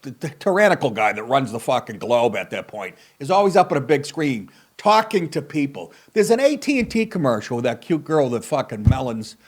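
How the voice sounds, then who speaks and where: A man's voice: medium pitch, very animated, brisk, few pauses. A man hosting a comedy podcast, talking in a profane, rambling, sarcastic way. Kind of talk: casual comedic podcast monologue.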